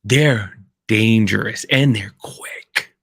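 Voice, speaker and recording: A man's voice: on the low side, takes it slowly, gravelly, breathy edge, dry recording, clean studio sound. A man co-hosting a podcast, telling rambling stories in casual chat, full of restarts and fillers. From Kansas. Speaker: podcast co-host.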